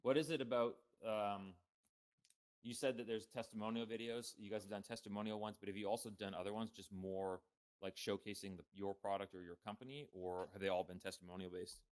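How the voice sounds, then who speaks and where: Man, podcast host, casual interview chat, deep voice, resonant tone. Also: brisk, smooth. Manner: relaxed, loose questions with fillers.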